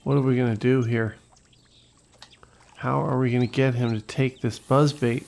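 A gaming channel host gives casual, excitable commentary on his gameplay, addressing viewers and swearing when things go wrong. His gravelly voice has a medium pitch and moderate pace, and the recording is rough.

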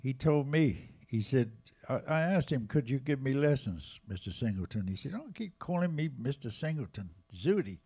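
A man in his eighties with an English accent, casually telling jazz stories at a live museum event, lively and animated in his retelling. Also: medium pitch, moderate pace, hardly any pauses, breathy edge. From England. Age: 80s. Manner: lively, animated retelling with raised voices for quotes. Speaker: jazz drummer and storyteller guest. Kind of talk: casual anecdotal storytelling.

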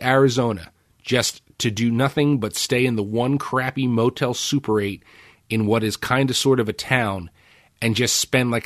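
Animated, swearing podcast host, dry sound. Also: male voice, mid-range voice, dry recording. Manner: animated storytelling with swearing and acted-out quotes. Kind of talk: casual chat.

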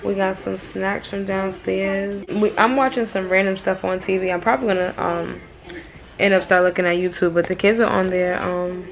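A woman's voice: medium pitch, level tone, normal speed, creaky, a crowd in the background. A young woman vlogging from a hotel room, talking casually and straight to her viewers with lots of slang. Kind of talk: casual vlog chat.

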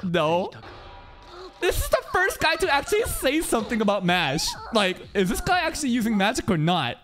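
An anime reaction channel host giving casual, excitable commentary, swearing often and laughing a lot. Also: medium pitch, normal speed, faint music behind.

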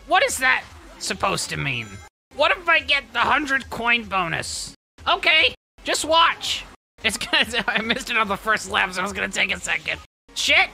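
A woman's voice: fairly high pitch, creaky, sharp tone, exaggerated voice. A woman voicing a cocky, touchy young male hawk racer in comedic, profane banter during a game playthrough. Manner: defensive, rambling, profane banter. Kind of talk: comedic let's play voice.

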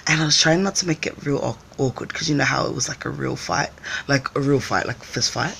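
A woman vlogger talking casually to her live viewers in a low, gravelly voice. She tells stories with lots of acted-out voices, and a faint noise sits behind her. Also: fast talker, a bit bright. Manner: chatty storyteller, acts out voices, laughs often. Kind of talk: casual live-stream chat.

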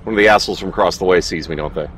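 A young man commentating his own horror game playthrough in a casual, animated way, cursing and laughing at his mistakes, with allergies that make him clear his throat. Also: low-pitched, rapid-fire, slight background noise. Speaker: gaming streamer. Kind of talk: casual let's play commentary.

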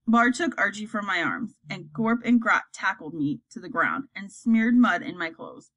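Woman reading a kids' fantasy book out loud, voice swoops up and down, a bit breathy. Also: medium pitch, moderate pace, hardly any pauses, low-quality recording. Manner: acts out characters, lively delivery. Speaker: audiobook reader.

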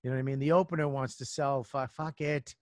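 A comedian man talking on a podcast in a middle-pitched voice. He hands out gruff, blunt advice full of swearing. The sound is dry and close, with no room around it. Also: steady tone, fast, no room sound. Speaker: comedian guest. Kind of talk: casual podcast chat.

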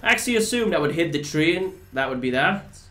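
Fast and expressive, his voice fairly high and a touch bright, this native Dutch streamer from the Netherlands riffs on his live game, teasing chat and cursing now and then. There's a roomy echo plus some faint background noise.

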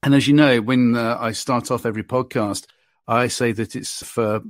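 A man's voice: mid-range voice, steady tone, normal speed, dry recording, studio quality. A man hosting a podcast, telling self-deprecating anecdotes in a casual, chatty way. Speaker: podcast host. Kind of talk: casual storytelling chat.

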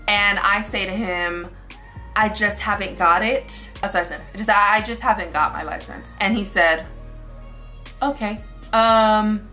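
A young woman telling a storytime vlog, animated and acting out what people said. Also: mid-range voice, moderate pace, faint music behind. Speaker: vlogger.

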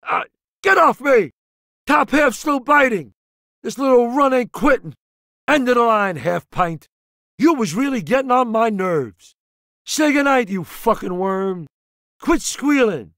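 An actor playing a tough, profane male mobster convict in a video game, talking with gruff swagger. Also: very high-pitched, fairly bright tone, no room sound, studio quality, full character voice. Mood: aggressive. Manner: gruff, swaggering, swears constantly.

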